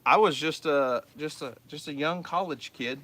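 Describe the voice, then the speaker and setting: A man's voice: fairly high pitch, moderate pace, sharp tone. An Oklahoman man from South Central Oklahoma, the host of a homestead channel, chatting casually and telling a rambling story as he answers viewer questions. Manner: rambling storyteller, repeats words.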